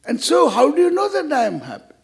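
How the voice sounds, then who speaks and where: Older man, spiritual teacher, gravelly voice, lively swooping pitch, playful humor. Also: fast talker. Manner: playful, teasing, acts out quoted dialogue. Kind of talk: humorous scripture class.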